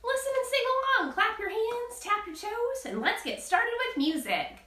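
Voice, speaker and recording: A woman's voice: extremely high pitch, sing-song, moderate pace, pushed and bright, recorded from a distance. A woman music teacher leading a live online lesson for young children, enthusiastic and sing-song. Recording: roomy echo with faint guitar.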